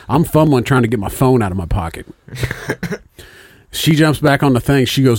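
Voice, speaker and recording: A man's voice: mid-range voice, expressive, moderate pace, pauses often, husky, dry recording. A man co-hosting a podcast, telling stories in a laid-back, profane way and laughing as he goes. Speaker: podcast co-host. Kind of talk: casual storytelling chat.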